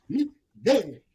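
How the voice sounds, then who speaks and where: A man co-hosting a casual anime talk show, excitedly retelling scenes in slangy, animated speech. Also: very high voice. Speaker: podcast co-host. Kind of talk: casual chat.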